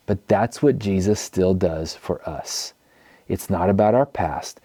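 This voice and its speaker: A man's voice: fairly low pitch, lively intonation, a little slow, dark tone, no room sound, clean studio sound. A man preaching a teaching sermon, telling the story and acting out quoted speakers. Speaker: pastor.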